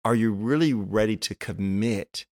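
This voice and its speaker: A man's voice: fairly low pitch, moderate pace, darkish tone. A man hosting a faith-based podcast, talking earnestly and encouragingly, often repeating his key phrases. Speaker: podcast host.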